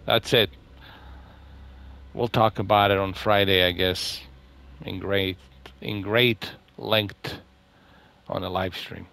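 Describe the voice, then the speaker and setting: A man with a low voice and a gravelly, fry-heavy edge talks through a casual game review. He rambles and repeats himself, leans on fillers, and sounds let down, trailing off into mumbles. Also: fairly even intonation, slow, long pauses, fairly bright tone. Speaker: gaming video host.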